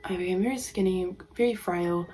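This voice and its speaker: A young woman vlogging to camera, telling a personal story in a halting way full of ums and likes. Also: lowish voice, dark tone, soft background music, rough recording.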